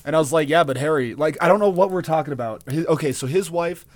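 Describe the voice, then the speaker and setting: A man's voice: fairly high pitch, fast, slight background noise. A man co-hosting a podcast in casual chat, telling stories with enthusiasm and casual swearing. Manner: enthusiastic storyteller, laughs often, swears casually. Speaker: podcast co-host.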